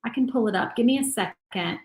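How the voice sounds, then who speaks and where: A woman's voice: a little high, a little fast, roomy sound, poor audio. A woman, hosting a crafting livestream and chatting casually as she paints. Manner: chatty, thinks aloud while painting. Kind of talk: casual live crafting chat.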